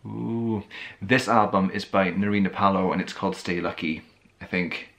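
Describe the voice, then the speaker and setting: A man's voice: deep voice, little pitch movement, a little fast, fairly bright tone. A man from Wales chatting casually in his bedroom for his vlog, rambling and friendly, a little tired and losing his voice. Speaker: vlogger. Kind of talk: casual chat.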